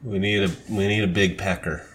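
Young Southern male co-host, lowish voice, jokey, light background noise. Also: fairly even intonation, fairly quick. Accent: American Southern. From North Carolina. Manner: laughs often, joking. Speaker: podcast co-host. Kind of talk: casual chat.

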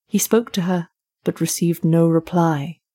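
A woman who narrates a short story and hosts the show, reading in a measured, even way. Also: lowish voice. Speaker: narrator and host.

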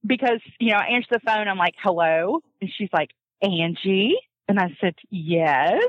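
A woman telling a personal family story in a casual, animated way, often laughing and acting out what others said. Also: mid-range voice, moderate pace, dry recording. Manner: animated, laughs often, acts out quoted voices. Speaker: guest telling her adoption story. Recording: dull lo-fi dry recording.

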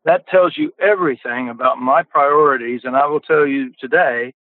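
A man's voice: mid-range voice, moderate pace, no room sound. Older man on a tinny phone line. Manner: folksy, repeats words when starting sentences. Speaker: podcast guest. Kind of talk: casual storytelling.

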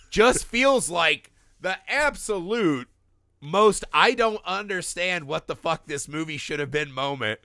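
A man's voice: on the high side, expressive, takes it slowly, pushed and bright, no room sound. A man co-hosting a casual film podcast, ranting animatedly, swearing often and laughing as he talks. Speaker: podcast co-host. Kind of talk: casual profane film discussion.

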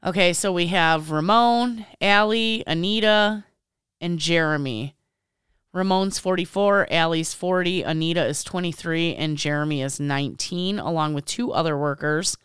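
A woman's voice: on the low side, normal speed, a bit bright, clear, resonant tone, dry recording, clean studio sound. A woman co-hosting a podcast, reading a story aloud and adding blunt, offhand wisecracks. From Illinois, US. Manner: blunt, offhand reader who adds wisecracks. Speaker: podcast co-host.

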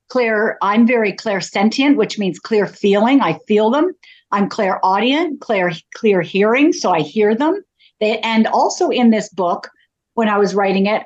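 Chatty woman on a dull lo-fi line. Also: medium pitch. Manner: chatty, self-deprecating storyteller. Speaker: psychic medium guest. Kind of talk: casual interview talk.

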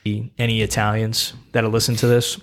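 A man's voice: on the low side, monotone, fast talker, a bit bright. A man hosting a podcast, telling stories casually and punching them up with short repeated phrases, in a small home gym room. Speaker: podcast host. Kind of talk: casual chat.

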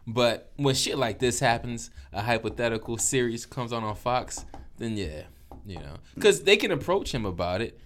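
A man's voice: medium pitch, animated, normal speed, a bit bright, a little hiss or hum. A man co-hosting a casual podcast, laid-back and slangy with dry wisecracks. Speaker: podcast co-host.

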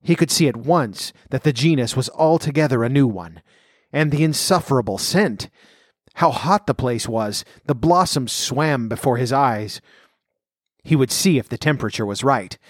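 A man narrating a classic story in an audiobook reading, measured and slowing in tense passages. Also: mid-range voice, lively intonation, no room sound, clean studio sound.

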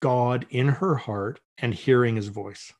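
A man's voice: mid-range voice, slow, a little mellow. A middle-aged man as a podcast guest, telling a story in casual conversation and acting out the voices he quotes, with many restarts.

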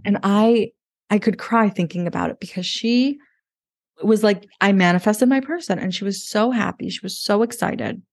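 A woman speaking as a love coach in a casual podcast conversation, animated, emotional and emphatic. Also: medium pitch, normal speed.

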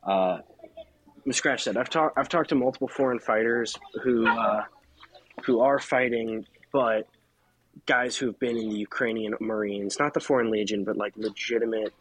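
A man's voice: medium pitch, steady tone, moderate pace, husky, low-quality recording. A man from the United States, a freelance journalist and podcast guest, speaking candidly and thinking aloud with restarts. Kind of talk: casual podcast conversation.

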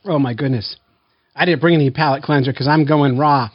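A playful man runs a blindfolded taste test in casual family-vlog chatter, calling out loud countdowns. His voice sounds husky and sits close and dry, and the home recording is slightly muffled. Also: on the high side, fairly quick, dry recording.

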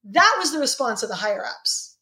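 A middle-aged woman speaks as an interview guest in a somewhat high voice. She sounds fervent and indignant, and her pitch leaps upward whenever she drives a point home. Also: big pitch swings, a little fast, a loud crowd. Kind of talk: impassioned interview answers.

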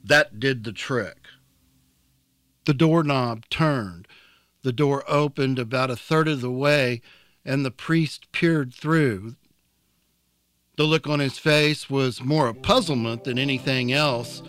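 A man narrating an audiobook chapter in a calm, unhurried storytelling manner. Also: medium pitch, no room sound.

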